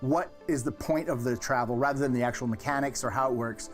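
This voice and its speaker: A man's voice: medium pitch, fast, soft background music. A man, a game developer, reflecting thoughtfully on story and travel in a promotional interview.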